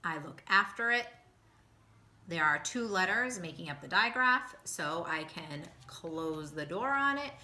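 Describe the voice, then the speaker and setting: A woman teaching a phonics lesson to young children, speaking slowly and patiently, sounding out each word. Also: fairly low pitch, lively intonation, bright, forceful tone. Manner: slow, patient, sounding out words. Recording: echoey room.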